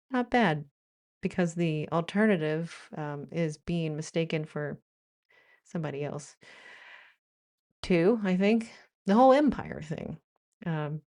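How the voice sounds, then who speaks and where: Wry American woman vlogger, low voice. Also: darkish tone. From United States. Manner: wry, playful, shifts into mock-British quotes. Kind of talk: chatty commentary.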